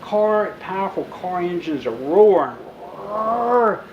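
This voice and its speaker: A man speaking as an author at a bookstore talk, telling a story vividly to a live audience and acting out the shouted lines. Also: fairly high pitch, animated, moderate pace, echoey room, highs cut off, a little hiss or hum. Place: bookstore event room.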